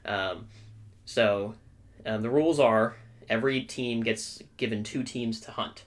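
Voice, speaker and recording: A young man co-hosting a podcast, telling a story in a casual, animated way with frequent check-ins to his listener. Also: fairly low pitch, unhurried. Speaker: podcast co-host.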